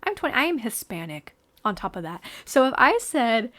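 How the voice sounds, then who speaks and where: A woman's voice: fairly high pitch, normal speed. A woman in her twenties hosting a podcast, chatting casually and with animation as she reacts to a story, with her throat getting a little sore. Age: 20s. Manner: chatty and animated, heavy use of "like" and "y'all". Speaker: podcast host.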